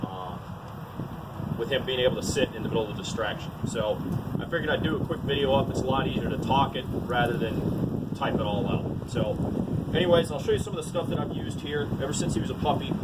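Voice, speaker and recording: A man's voice: mid-range voice, recorded from a distance, noisy background. A man teaching dog training in a casual, to-the-point way, often saying "all right" between steps. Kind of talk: casual outdoor training demo.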